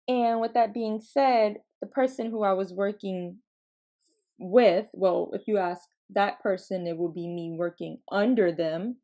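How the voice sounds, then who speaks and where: A woman in her twenties hosting a podcast, telling comedic stories in a casual, animated way, laughing and swearing freely. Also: medium pitch, a little slow. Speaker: podcast host.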